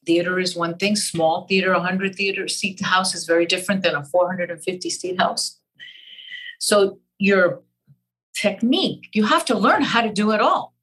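An older woman from Cuba, an actress guest in an interview, talking in an animated, emphatic way and repeating key phrases. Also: mid-range voice, moderate pace, husky, low-quality recording. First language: Spanish. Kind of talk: interview conversation.

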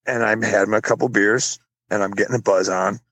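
A man co-hosting a casual podcast, telling stories with swearing and voicing other people in loud, high bursts. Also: brisk, no room sound. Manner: swearing, animated, jumps high when quoting people. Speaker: podcast co-host. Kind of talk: casual chat, storytelling.

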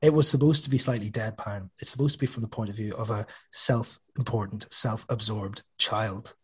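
A man's voice: on the low side, breathy edge. A man, an author talking casually as an interview guest, chatty and self-deprecating with lots of restarts. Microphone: studio podcast microphone.

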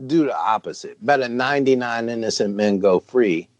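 A man on a comedy podcast, holding forth in a pompous, deadpan way on absurd political plans. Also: mid-range voice, normal speed, no echo. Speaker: podcast co-host playing a blustering colonel.

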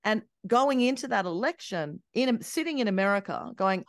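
An Australian woman, a podcast guest, telling animated stories with many restarts. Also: medium pitch, a little fast, few pauses, no echo, clean studio sound. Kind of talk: conversational interview.

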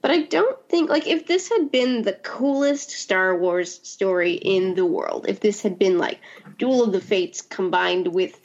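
A woman talking thoughtfully in a casual podcast chat, often pausing to search for her words. Her voice sounds muffled and lo-fi, as if it comes through a weaker mic. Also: medium pitch, lively intonation. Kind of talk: casual film discussion.

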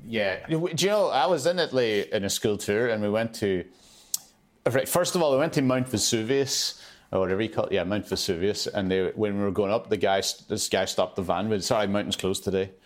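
An Irish man co-hosting a comedy podcast, telling animated stories with plenty of swearing. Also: lowish voice, fairly quick. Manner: animated storyteller, swears freely, acts out quotes. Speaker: podcast co-host. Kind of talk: casual comedic chat.

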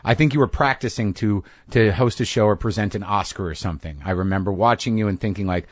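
A man hosting a podcast, chatting casually with his guest, with self-deprecating humor and quick asides. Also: lowish voice, no room sound. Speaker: podcast host. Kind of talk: casual interview chat.

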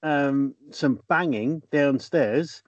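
A man's voice: on the high side, very slow, no room sound, lo-fi sound. Chatty man telling a story. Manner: storytelling with fillers and teasing questions. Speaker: podcast co-host reading news stories. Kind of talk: casual chat.

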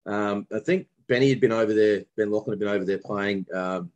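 Rambling Australian man, slightly low voice. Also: fairly quick, a little mellow, lo-fi sound. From Brisbane, Australia. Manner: reminiscing, rambling with many restarts. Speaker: guest, former cricketer. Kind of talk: casual interview chat.

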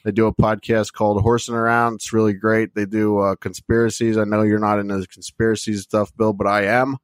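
Laid-back low-voiced man. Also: a little fast, smooth, no room sound. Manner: relaxed, laid-back, filler-heavy. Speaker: podcast host. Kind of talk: casual chat with sponsor plugs.

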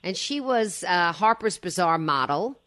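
Woman radio host, hoarse throaty low voice, chatty, digressive. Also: lively intonation, a little slow, a bit bright. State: hoarse from a slight cold. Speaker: radio talk show host. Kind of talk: casual radio chat.

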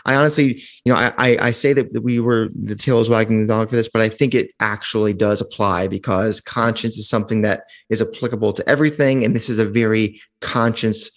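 A man's voice: fairly low pitch, steady tone, fairly quick, hardly any pauses. A man co-hosting a podcast in casual chat, rambling with restarts and swearing. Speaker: podcast co-host.

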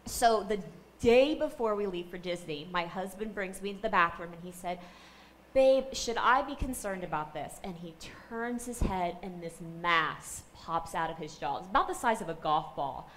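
Animated woman telling her story. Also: mid-range voice, normal speed, slight background noise, low-quality recording. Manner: animated storyteller, acts out quotes, laughs. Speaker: guest. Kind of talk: storytelling in a faith podcast interview.

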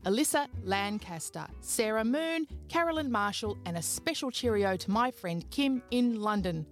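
A woman's voice: a little high, animated, moderate pace. Aussie woman hosting a podcast, chatty and playful, goes off on little tangents, faint music under her. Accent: Australian. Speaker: podcast host. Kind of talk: casual chat, thanking patrons.

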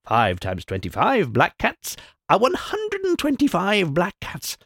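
A man's voice: sits high, huge pitch swings, fairly bright tone, dry recording, clean studio sound, voice pushed up, exaggerated voice. A man voicing a cranky old wise woman in a storybook reading, piping and snappish. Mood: gloating. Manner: piping, snappish, slow and deliberate.

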